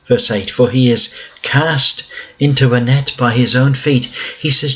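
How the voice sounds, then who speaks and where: A man teaching a Bible lesson, reading verses aloud and then explaining them in plain conversational words, slow and emphatic. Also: mid-range voice, fairly bright tone, muffled recording, slight background noise.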